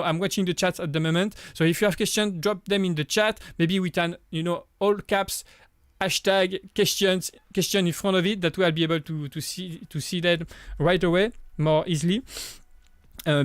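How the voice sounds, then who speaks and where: French guy in his 30s, kinda high voice, friendly livestream chat, lots of restarts, dry sound. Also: no echo. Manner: halting, many restarts and repeated words; friendly and upbeat. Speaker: livestream host. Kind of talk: casual chat with viewers.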